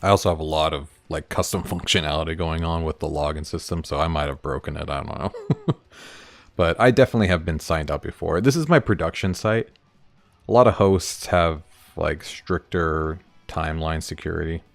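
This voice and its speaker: A man's voice: extremely low pitch, brisk, vocal fry, no echo, soft background music. A man livestreaming as he builds his game, thinking aloud, rambling and chuckling as he works through each step. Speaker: indie game developer streaming his work. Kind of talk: casual livestream, thinking aloud while working.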